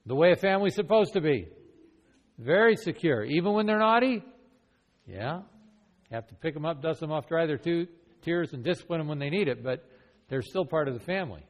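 A fairly high-pitched man speaks briskly with lively intonation, teaching a church evangelism training class. He fires one question after another at the group in an earnest, conversational way, mixing classroom instruction with role-play. The recording carries a long hall reverb.

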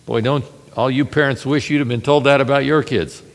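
A man preaching a sermon, telling a scripture story with lively rhetorical questions to the congregation. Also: mid-range voice, fairly quick, big-room sound.

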